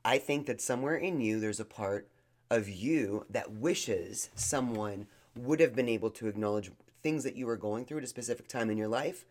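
Speaking at normal speed, this man has a medium-pitched voice with a somewhat dark tone. As a podcast co-host, he hands out rambling, sarcastic, no-nonsense mock-therapy in a laid-back conversation.

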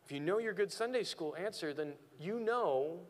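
A male pastor preaching a sermon and acting out quoted voices in an animated way. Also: sits high, normal speed, in a large hall.

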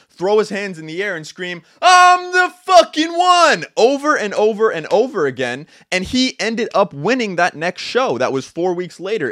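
A young man hosting a podcast, giving an intense, profane motivational monologue with bursts of shouting. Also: on the high side, dry recording, studio quality. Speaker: podcast host. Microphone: two cameras, podcast mic.

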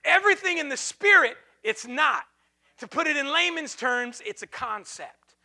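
A man preaches in a church with a very high, keen and piercing voice. He swings from soft, hushed lines to sudden shouted peaks, repeating phrases for the congregation. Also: animated, moderate pace. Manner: repetitive call-and-response phrasing. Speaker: pastor. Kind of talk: sermon.

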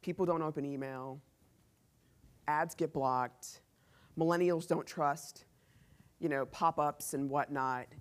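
A man's voice: on the high side, slow, pauses often. A man speaking as a company CEO in a conference talk before a live audience, telling stories animatedly and acting out the dialogue. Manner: animated storytelling, acts out quoted dialogue, laughs often.

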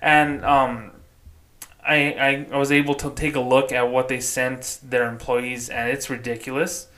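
A man from New Mexico hosts his own podcast, talking loosely and at length. He rambles, restarts his sentences and swears freely as he rants, with his voice sitting at a middle pitch. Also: level tone, unhurried, bright, forceful tone. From New Mexico, United States. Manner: profane, exasperated, rambling. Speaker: podcast host. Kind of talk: casual solo podcast rant.

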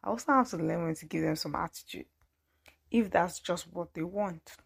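Gravelly Nigerian woman, playful. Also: lowish voice, normal speed. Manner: chatty and playful, laughs often, animated asides. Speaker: podcast host. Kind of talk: casual chat.

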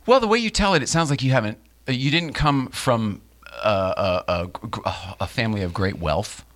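A man hosting a casual interview, chatty and effusive, sometimes halting as he works through his thoughts. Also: fairly low pitch, expressive, a bit bright. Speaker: podcast interviewer.

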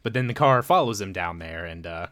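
A man casually recapping a movie plot, rambling with many fillers and quick voiced quotes. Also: low voice, animated, a bit bright, dry recording. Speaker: podcast co-host.

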